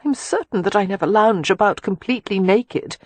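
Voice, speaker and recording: Picture a shy, mortified young lady, her voice pitched high and breathless as she speaks timidly, brought to life by a woman narrator. The tone is airy and husky, recorded close and dry. It reads like a storybook romance heroine. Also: expressive, a little fast, no room sound, lightly acted. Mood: timid embarrassed. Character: timid flustered young woman, a prim companion.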